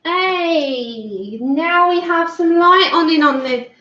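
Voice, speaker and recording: A woman's voice: very high voice, slow, pushed and bright. A woman hosting a colouring livestream, chatting casually and greeting viewers by name with scatterbrained asides. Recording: roomy, dull lo-fi sound.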